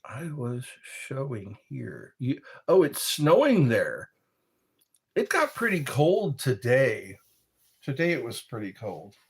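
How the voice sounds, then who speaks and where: Slow-talking husky man streamer. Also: mid-range voice, big pitch swings. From United States. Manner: slow, rambling, reads chat messages aloud. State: a little tipsy from wine. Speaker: live streamer. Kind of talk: casual live-stream chat reading comments.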